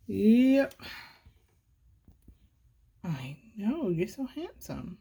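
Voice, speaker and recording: High-voiced woman cooing to a cat. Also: lively intonation, unhurried, long pauses. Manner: sing-song baby talk with soft laughs. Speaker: pet video maker. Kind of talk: cooing commentary to a cat while filming.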